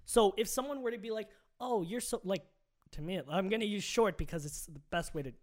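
A man's voice: sits high, animated, quick pace. A man co-hosting a casual podcast, arguing his opinions emphatically and swearing freely. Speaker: podcast co-host.

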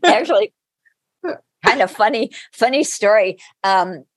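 A middle-aged woman, a spiritual teacher and guest, telling stories in a casual interview, animated and laughing often. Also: mid-range voice, a little slow, no echo, clean studio sound.

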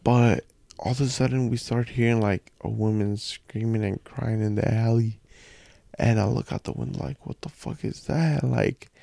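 A man's voice: medium pitch, fairly even intonation, normal speed, creaky, warm tone, no echo. A young man from a Mexican family, a podcast guest telling rambling, profane anecdotes in casual chat.

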